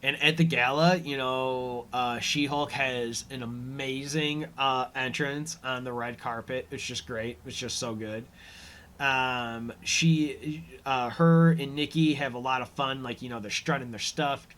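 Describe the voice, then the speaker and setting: A man hosting a casual recap podcast, rambling through scenes with lots of fillers, chuckling and quickly acting out the characters' lines. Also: mid-range voice, a bit bright. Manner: acts out characters' lines in quick offhand voices. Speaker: podcast host. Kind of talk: casual episode recap commentary.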